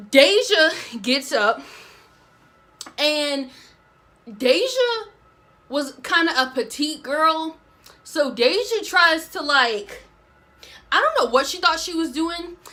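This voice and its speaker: A young woman tells a messy story to her viewers in quick, slangy talk. Her voice sits high and bright, jumping from loud bursts to hushed asides. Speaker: vlogger. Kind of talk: storytime vlog.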